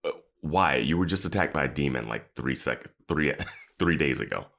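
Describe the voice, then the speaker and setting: A man with a very deep voice and a lively, bouncing pitch chats on a podcast about a TV episode. His commentary is enthusiastic, and he laughs often. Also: moderate pace, vocal fry. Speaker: podcast co-host. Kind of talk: casual chat about a TV episode.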